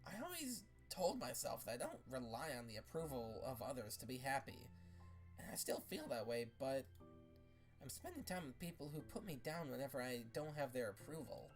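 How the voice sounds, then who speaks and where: A woman's voice: rumbling low, sing-song, faint music behind. A woman voicing a scared, conflicted teenage girl who speaks hesitantly in a read-aloud fan story. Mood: troubled. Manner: halting, hesitant, quietly troubled.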